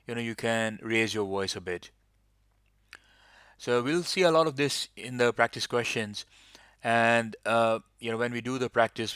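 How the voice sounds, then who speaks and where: A man tutors students for a speaking test in a smooth, resonant voice. He explains step by step and keeps dropping in "you know" as he goes. The sound is dry and close, with no room around it. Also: medium pitch, a bit bright, no echo. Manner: explains patiently with many "you know" fillers. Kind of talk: online lesson.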